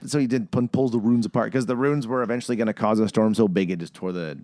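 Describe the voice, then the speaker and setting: A man's voice: on the low side, steady tone, fast, darkish tone, no echo, clean studio sound. A man co-hosting a casual movie-review podcast, telling stories and swearing freely. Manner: swearing, storytelling with voiced-out asides. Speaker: podcast co-host.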